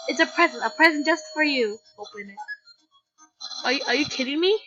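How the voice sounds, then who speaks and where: A woman reading game lines as a loud, boastful male skeleton, declaiming them with theatrical pride over a muffled recording with faint music. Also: high voice, lively intonation, fairly quick.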